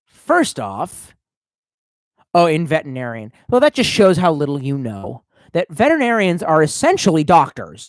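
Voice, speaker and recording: A man's voice: fairly high pitch, very animated, moderate pace, no room sound. A tipsy man streaming live, reading out chat and rambling in a profane, off-the-cuff way. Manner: profane, rambling, swerving between mumbles and outbursts.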